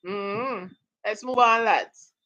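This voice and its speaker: A woman's voice: mid-range voice, lively intonation, slow, a bit bright, muffled recording. Playful woman teaching a live class. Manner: playful, laughing, hypes up students. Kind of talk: live online exam prep lesson.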